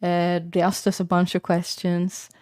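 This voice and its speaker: A woman's voice: on the low side, monotone, measured pace, a little mellow, clear, resonant tone, no echo, studio quality. A young woman from Sweden, chatting casually and rambling to her stream audience with lots of fillers.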